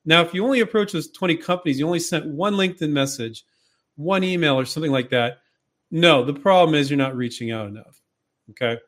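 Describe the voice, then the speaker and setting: A man's voice: a little high, fairly quick. A man hosting a show, casually coaching inventors and acting out quoted dialogue. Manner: animated, acts out quoted dialogue. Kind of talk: casual advice talk.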